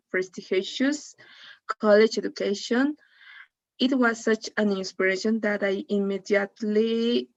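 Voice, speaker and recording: Young female English learner, unhurried hesitant reading, lo-fi online call sound. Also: mid-range voice. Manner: slow, halting, self-correcting reader. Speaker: English student. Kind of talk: reading aloud in a lesson. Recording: dull lo-fi online call audio.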